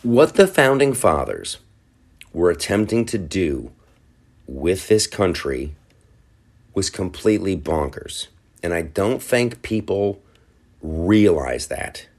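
Man, low voice, lively swings in pitch, rambling podcast host monologue. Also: slow, long pauses. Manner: rambling, animated, with restarts and mimicked quotes. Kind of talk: casual solo podcast monologue.

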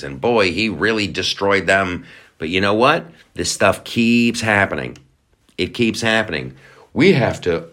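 A man's voice: low voice, sharp tone. A man hosting a podcast, ranting in a mocking, profane comedic commentary. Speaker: podcast host.

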